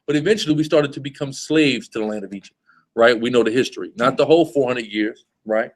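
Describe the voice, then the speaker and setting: A man gives an informal religious teaching to a small group. He speaks with emphasis, repeats himself and keeps checking in with his listeners. His voice sits at an ordinary mid pitch. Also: fast talker, poor audio. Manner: emphatic, repetitive, asks "you see what I'm saying?". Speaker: street preacher teaching a group.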